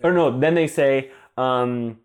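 A man's voice: medium pitch, takes it slowly. Chatty, enthusiastic man in an interview. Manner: enthusiastic, chatty, laughs often. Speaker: guest, brand and design director. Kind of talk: casual interview chat.

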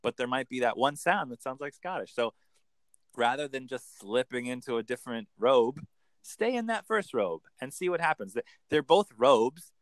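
Animated male accent coach, dry sound. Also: mid-range voice, dry recording. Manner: animated, lively storytelling with quick bursts into put-on voices. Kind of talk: casual interview chat.

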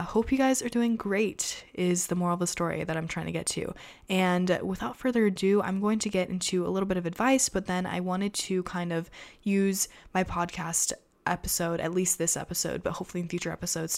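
A teenage girl from America chats through her own podcast, rambling loosely and filling gaps with "like" and "um". Her voice sits a little low for a girl. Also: vocal fry. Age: teens. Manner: chatty, filler-heavy, rambling. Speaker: podcast host. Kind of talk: casual solo podcast chat.

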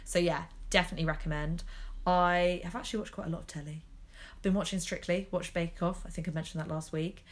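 A woman's voice: lowish voice, steady tone, fast talker. A young Englishwoman co-hosting a podcast, chatting casually and gushing about shows, full of "like" and "oh my God". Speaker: podcast co-host. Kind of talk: casual chat.

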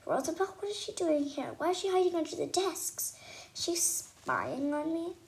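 A woman's voice: extremely high pitch, big pitch swings, normal speed, voice pushed up, full character voice, rough recording. A woman reading a storybook aloud, voicing an anxious, dramatic schoolgirl. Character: worried girl, dramatic and jumpy.

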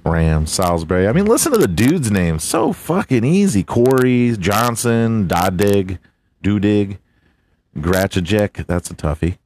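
A man's voice: on the low side, sing-song, measured pace, darkish tone. A man hosting a casual solo podcast, swearing a lot, laughing, and fumbling through hard names. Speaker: podcast host.

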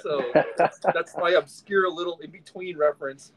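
A man in casual movie chat, talking in halting starts and restarts. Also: on the high side, a crowd in the background, low-quality recording. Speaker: podcast co-host.

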